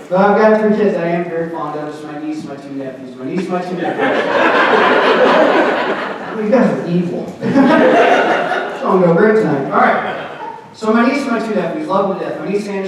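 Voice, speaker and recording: A middle-aged man tells loose, rambling stand-up stories from a small theatre stage. His voice sits a little high and jumps up sharply as he lands each bit. He is heard from far off in a hall with a long, echoing ring. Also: background noise. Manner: loose, rambling storytelling with punchy rises. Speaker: stand-up comedian and emcee. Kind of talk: stand-up comedy set.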